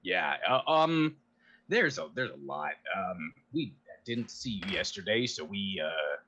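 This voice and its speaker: A man's voice: low-pitched, sing-song, measured pace, bright, forceful tone, slightly rough. A man playing a tabletop game in casual in-character talk, rambling with many fillers. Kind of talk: casual in-character role-play. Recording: dull lo-fi sound.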